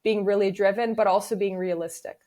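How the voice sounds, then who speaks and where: A woman's voice: medium pitch, a little fast. A young adult woman, a business founder guest in an interview, telling stories casually and acting out the dialogue she quotes. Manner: lively storyteller who acts out quoted dialogue.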